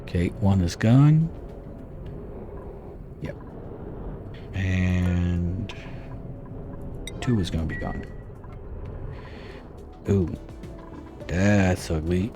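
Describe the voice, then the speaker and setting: A man's voice: low-pitched, very slow, long pauses, warm tone, soft background music. A man giving casual let's-play commentary, thinking aloud and muttering his calculations as he plans. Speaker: gameplay streamer.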